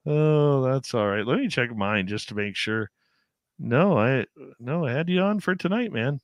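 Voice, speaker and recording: A middle-aged man hosting a radio show, chatting casually and warmly calling his guest brother and man. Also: mid-range voice, animated, measured pace, no room sound, clean studio sound. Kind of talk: casual interview chat.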